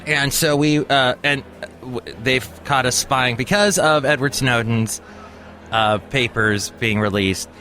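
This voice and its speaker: A man hosting a podcast, chatting casually in a rambling, halting way with plenty of fillers. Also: mid-range voice, sharp tone, soft background music. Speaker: podcast host. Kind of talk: casual chat.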